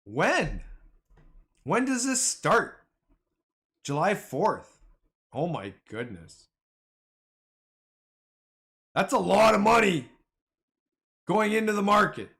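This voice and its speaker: A man streaming live about the stock market, talking back to his viewers in excitable, slangy, casual commentary. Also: sits high, slow pace, vocal fry, pauses often.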